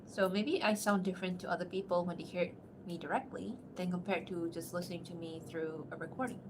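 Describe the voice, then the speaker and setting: A woman's voice: fairly low pitch, steady tone, fairly quick, background noise. A woman voice actor chatting casually on a livestream between takes; she laughs often and is self-deprecating. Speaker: streamer and voice actor.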